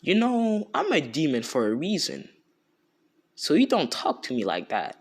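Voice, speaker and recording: A man voicing a cold, cocky young male ninja with dark powers, in a flat, dismissive delivery, while retelling a fan story. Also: fairly high pitch, unhurried, breathy edge, voice pushed up, full character voice.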